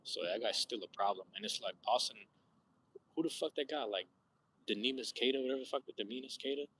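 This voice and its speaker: A young man chatting casually on a live stream, rambling loosely in slang with frequent swearing and sudden animated outbursts. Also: mid-range voice, fast, a little hiss or hum, rough recording. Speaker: vlogger chatting with live viewers. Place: outdoors at sunset.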